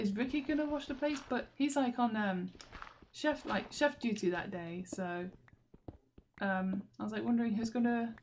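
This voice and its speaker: A woman's voice: medium pitch, a little hiss or hum. A young woman, rambling and exasperated in a video diary, laughing often. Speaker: vlogger. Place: walking through a station.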